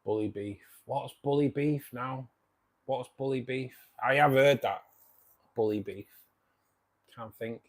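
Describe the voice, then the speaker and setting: A man's voice: mid-range voice, a little slow, long pauses. A British man hosting a live stream, chatting in a matey, casual way, swearing now and then and often chuckling. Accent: British English. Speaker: live-stream host reading viewer comments.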